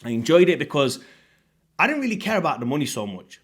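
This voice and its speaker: This man from the UK, late thirties, coaches fitness while speaking casually to camera at a quick pace. He's blunt and swears a lot, and his pitch and volume rise and fall lively.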